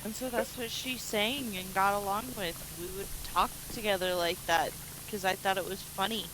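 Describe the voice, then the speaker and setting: A woman's voice: medium pitch, steady tone, normal speed, background noise. A woman in her thirties chatting loosely and swearing while playing a game on a stream. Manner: loose, swears, laughs often. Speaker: co-player on a stream. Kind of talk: casual chat while gaming.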